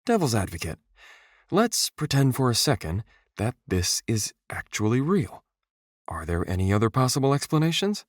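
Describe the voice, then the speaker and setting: A man's voice: medium pitch, sing-song, normal speed, no echo. A male narrator voicing an anxious young man who keeps firing off nervous questions and muttering to himself. His lines lift above the narration, and the sound is close and dry. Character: anxious young man lost in a strange world.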